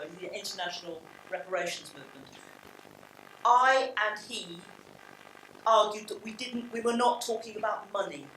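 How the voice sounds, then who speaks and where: A woman's voice: medium pitch, pushed and bright. Older woman, London accent, blunt panel speaker, distant mic in a roomy hall with faint room noise. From England. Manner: blunt, reflective, with many restarts. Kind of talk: public talk. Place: large hall.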